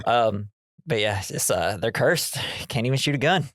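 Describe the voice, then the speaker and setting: A man chatting casually on a movie podcast, recapping a film with laughs and quick goofy character voices. His voice sits in a middle register. The sound is dry and close. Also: medium pitch, lively intonation, fairly bright tone, no echo. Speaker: podcast host.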